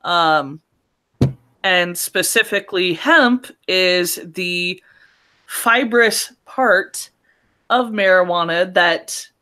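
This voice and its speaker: A woman's voice: on the low side, very slow, pushed and bright. A woman co-hosting a podcast, talking bluntly and laughing easily in casual news chat. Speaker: podcast co-host.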